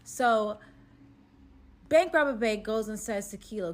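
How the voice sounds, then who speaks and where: A woman telling a casual storytime recap in an animated, slangy way, acting out other people's lines as she goes. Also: a little high, a little slow, pauses often. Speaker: storyteller vlogger.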